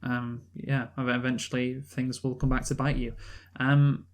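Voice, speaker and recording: A man's voice: medium pitch, flat delivery, unhurried. A man from England casually reviewing a film with a co-host, rambling and swearing freely. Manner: rambling, swears freely, does comic impressions. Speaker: podcast co-host.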